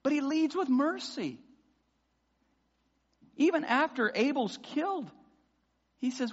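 A man preaching a sermon as pastor, passionate and building to loud emphatic peaks. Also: extremely high pitch, very animated, takes it slowly, long pauses. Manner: impassioned preaching, voices imagined prayers loudly. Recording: dull sound with long hall reverb.

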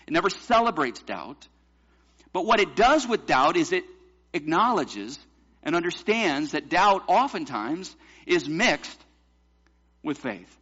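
Bright-voiced preacher, emphatic and questioning. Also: male voice, on the high side, very animated, slow pace, pauses often, husky, lo-fi sound. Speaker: pastor. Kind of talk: sermon.

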